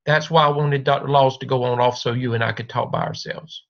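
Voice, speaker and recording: A man's voice: mid-range voice, steady tone, brisk, vocal fry. A man advising a doctoral student one-on-one over a video call, talking in a reassuring, repetitive coaching manner. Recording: dull lo-fi video call audio.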